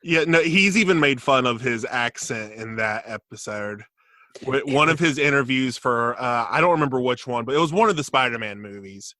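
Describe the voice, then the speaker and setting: A man's voice: medium pitch, lively intonation, sharp tone, no echo. A man co-hosting a podcast in casual chat, upbeat and joking. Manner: upbeat, quick to quote and joke. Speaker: podcast co-host.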